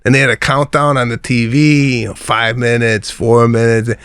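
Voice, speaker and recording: A man's voice: medium pitch, moderate pace, smooth, dry recording, clean studio sound. A man co-hosting a comedy podcast, telling stories with acted-out dialogue. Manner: animated storyteller, acts out dialogue. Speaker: podcast co-host. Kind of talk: casual comedic storytelling.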